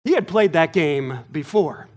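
A man with a notably high voice preaches a sermon at an unhurried pace. He lets his phrases land one by one and leans hard on key words, the way a pastor speaks to his congregation. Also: animated. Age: adult, married. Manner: deliberate, emphatic preaching with pauses and stressed words.

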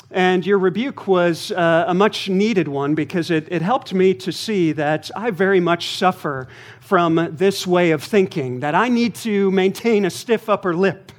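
A man, a pastor, preaching a sermon in an earnest way, repeating key phrases for emphasis. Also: a little high.

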